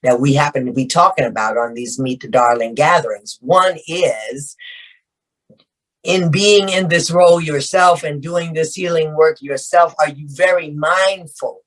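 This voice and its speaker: A woman's voice: low-pitched, unhurried, poor audio. An older woman, a grandmother figure, hosting a casual group video call and asking questions with affectionate, familiar talk. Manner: warm-hearted, calls people baby and darling. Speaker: host and film matriarch.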